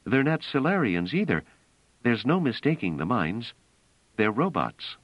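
A calm young woman speaks with quiet, sure certainty, her voice lifted well above the reader's deep natural register, as a man puts her on. Her lines are lively in pitch. The sound is dull and dry. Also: measured pace, no echo.

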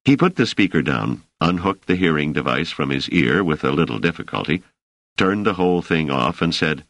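Brief: deep, expressive male narrator, animated pitch, dry close studio sound. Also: normal speed, no room sound. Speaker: audiobook narrator. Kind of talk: scripted narration.

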